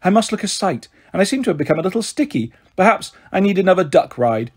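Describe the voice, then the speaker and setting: A man's voice: sits high, fast, husky, voice pushed up, full character voice. A man voicing a tiny, frail female fairy who is proud and playful, speaking primly and insistently. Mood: lively. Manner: prim, lively, insistent.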